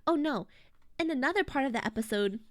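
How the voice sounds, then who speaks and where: A woman's voice: sits high, lively intonation, quick pace, no room sound, studio quality. A young woman streaming, casually recapping a story in a rambling, slangy way full of fillers and restarts. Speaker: VTuber streamer.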